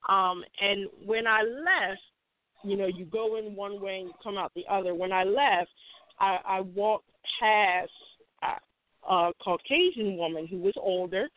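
A woman's voice: mid-range voice, measured pace. A woman, an educator and co-host, talking in a reflective way with many fillers. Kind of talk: casual chat. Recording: tinny phone-line sound.

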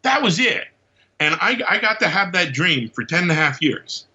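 A man speaks as a podcast guest, spinning anecdotes with animated energy and acting out little quotes along the way. His voice sits fairly high and comes across bright and forceful. The recording is dull and lo-fi. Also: moderate pace. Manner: lively storyteller who acts out quotes and laughs often. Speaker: podcast guest, comics writer. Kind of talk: animated anecdote-telling in casual chat.

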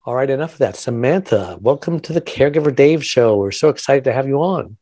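A man's voice: medium pitch, lively intonation, a little fast, dark tone, no room sound. A man hosting a caregiving podcast in an upbeat radio style, chatty and enthusiastic, laughing often. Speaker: podcast host. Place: Los Angeles.

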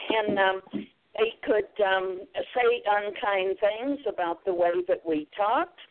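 A woman's voice: mid-range voice, takes it slowly. A woman from southeastern Kentucky with an Appalachian accent, a guest telling her story in a folksy way. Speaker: guest, author and speaker. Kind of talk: storytelling interview. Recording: tinny phone-like sound.

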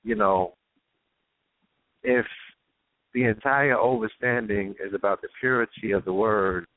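A man hosts a casual radio discussion, building long, searching questions in a lowish voice. His sound is dry and close, with no room around it. It comes through a thin, phone-like line. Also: fairly even intonation, unhurried, dry recording. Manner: long searching questions with frequent "you know what I'm saying".

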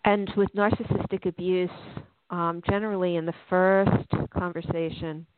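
A podcast host asking open questions and sharing reflections in a relaxed conversational way. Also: medium pitch, normal speed, clear, resonant tone. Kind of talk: conversational interview. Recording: dry, tinny phone-like sound.

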